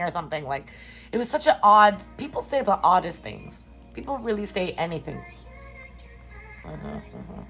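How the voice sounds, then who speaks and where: Animated woman streamer, expressive and bright. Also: mid-range voice, normal speed, soft background music. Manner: animated, profane, incredulous rants to chat. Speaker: live streamer chatting with viewers. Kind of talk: casual chat. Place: hotel room.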